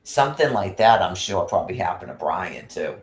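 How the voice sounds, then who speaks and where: A man's voice: deep voice, expressive, a little fast. A man ranting angrily and rambling, full of profanity and restarts. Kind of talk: casual rant. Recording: roomy echo.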